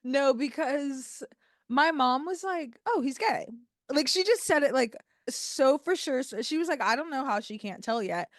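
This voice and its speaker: A woman's voice: high-pitched, lively intonation, moderate pace, no room sound, clean studio sound. A woman co-hosting a gossip podcast, chatting casually with blunt, wry reactions. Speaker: podcast co-host.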